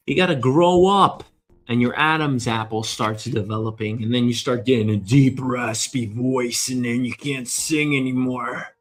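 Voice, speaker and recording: A man hosting a show, giving an energetic motivational monologue, emphatic and casually swearing. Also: medium pitch. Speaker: show host.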